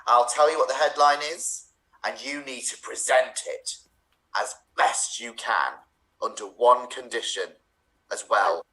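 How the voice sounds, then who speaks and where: Give me a man as a glib, teasing news anchor with a bright, crisp voice. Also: medium pitch, unhurried, poor audio. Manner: glib, mock-formal. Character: smooth male news anchor, teasing and flirtatious. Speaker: improviser. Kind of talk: improv comedy.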